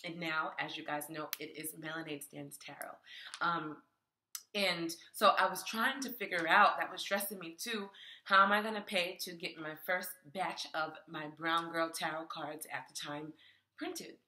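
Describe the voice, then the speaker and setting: A woman with a lowish, bright and forceful voice, telling a story to her viewers in a lively, chatty way. She calls them y'all and laughs often. Her voice rings around a room full of echo. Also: normal speed, slight background noise. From New York. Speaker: spiritual vlogger and tarot creator. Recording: echoey room.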